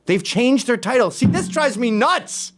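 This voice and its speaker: A man's voice: very high-pitched, lively intonation, unhurried. A male show host ranting sarcastically in a casual monologue.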